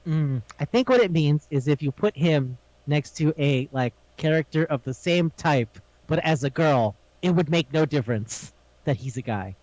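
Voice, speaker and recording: Profane, animated man recapping a show. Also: fairly high pitch, moderate pace, no room sound. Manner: animated, profane, acts out characters' lines. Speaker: podcast co-host. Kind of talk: casual recap chat. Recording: dull lo-fi sound.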